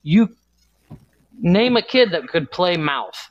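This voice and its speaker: A man's voice: high voice, sing-song, slow, no echo, lo-fi sound. A man co-hosting a podcast in casual chat, rambling with many restarts and searching for words. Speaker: podcast co-host.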